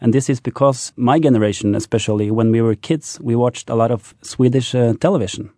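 Norwegian-accented man with a mellow voice. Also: medium pitch, fairly quick, no echo, clean studio sound. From Norway. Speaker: guest.

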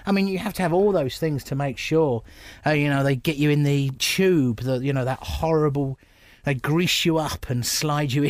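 Blunt, jokey man, fairly high voice. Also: no room sound, clean studio sound. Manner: jokey, blunt, acts out other people's voices. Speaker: stand-up comedian guest. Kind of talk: casual interview storytelling.

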